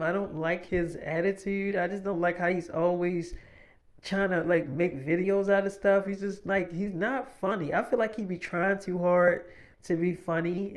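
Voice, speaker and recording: A young man telling a casual story in a rambling, profane way, often repeating himself. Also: sits high.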